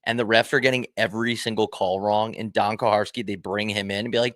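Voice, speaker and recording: A man co-hosting a hockey call-in show, chatting casually, laughing and asking quick questions. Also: on the low side, fairly even intonation, a bit bright, dry recording. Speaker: podcast co-host. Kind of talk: casual chat.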